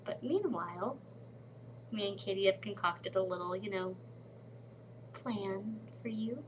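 Woman, casual vlogger, average pitch, rambling delivery with murmured asides, home webcam setup. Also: a little slow, background noise. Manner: rambling, many "um"s, drops into soft murmured asides. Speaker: vlogger in a collab channel. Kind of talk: casual chat to camera. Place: at home, late at night.

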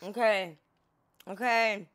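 Exasperated woman yelling at a game. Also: medium pitch, fairly even intonation, slow pace. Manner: exasperated, swearing, loud outbursts at the game. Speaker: gameplay streamer. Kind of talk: gameplay commentary.

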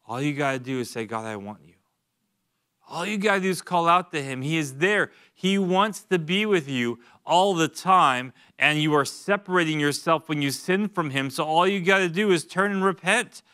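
A young man preaching a casual, conversational sermon in a church, joking, with quick asides and repeated words. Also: fairly high pitch, sharp tone, smooth. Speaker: pastor.

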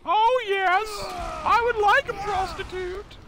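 A man's voice: very high-pitched, sharp tone, a little hiss or hum, voice pushed up, full character voice. A man doing an impression of a pompous older male wrestling boss, drawing out his words. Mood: leering. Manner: drawn-out, breathy "oh yes" delivery.

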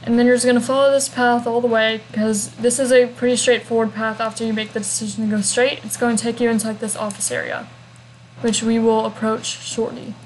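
A young woman talks through a game walkthrough in a loose, rambling way, tossing in hums and asides. Her voice sits a bit high. Faint background hiss sits under the recording. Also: level tone, fairly quick, poor audio. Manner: chatty and rambling, with humming fillers. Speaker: gameplay walkthrough narrator. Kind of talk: casual game walkthrough narration.

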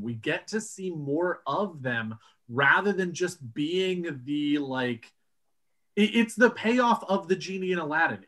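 A man co-hosting a podcast, his speech slow and unhurried as he works through long explanations. His voice sits a little high and rings bright. He swears freely when something amuses him. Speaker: podcast co-host. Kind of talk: casual chat.

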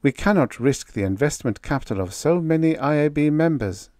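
An audiobook narrator voicing Ermin, a calm, courteous male agent who speaks in a gentle, precise and formal way. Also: on the high side, a little fast, dry recording, clean studio sound, pitched above the performer's own voice, close to an everyday voice. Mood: even, probing.

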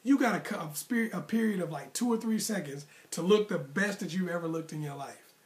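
A man's voice: sits high, fairly quick. A man coaching single men on dating in a casual, emphatic, repetitive advice monologue with slangy phrasing. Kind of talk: direct-to-camera advice monologue.

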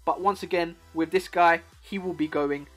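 Young man, high-pitched, excitable game commentary, faint music behind. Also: normal speed. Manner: excitable, playful, talks to the viewer. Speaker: gaming YouTuber. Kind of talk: hyped football game commentary.

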